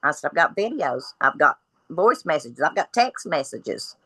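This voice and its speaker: A woman tells her story as a podcast guest, speaking bluntly and acting out each person's lines. Her voice sits low and lands with a forceful edge. The sound is dry and close. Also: moderate pace, husky, no room sound, rough recording. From Kentucky. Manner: blunt, animated retelling of dialogue.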